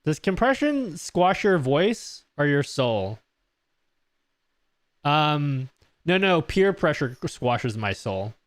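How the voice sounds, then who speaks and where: Animated man streamer reading chat. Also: on the high side, slow pace, no echo. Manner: joking, reads chat aloud, laughs often. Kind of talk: casual live-stream Q&A. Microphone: close desk mic on an audio mixer.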